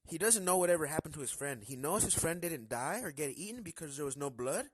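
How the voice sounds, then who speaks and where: A man hosting a live stream, telling a story in a casual, animated way and acting out the characters' lines. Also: fairly high pitch, quick pace, slightly rough, dry recording, poor audio.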